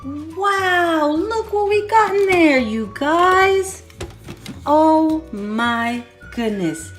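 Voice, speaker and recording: A young woman hosting a children's toy video, talking in a sing-song, excited way and counting slowly. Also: high voice. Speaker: kids' toy video host. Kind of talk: children's toy play narration. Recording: echoey room, faint music.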